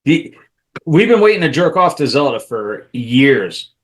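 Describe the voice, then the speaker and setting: A laughing man who swears freely as he co-hosts a podcast. His voice sits at an ordinary pitch, and the banter is loose and crude, full of jokey asides. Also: sing-song, measured pace. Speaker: podcast co-host.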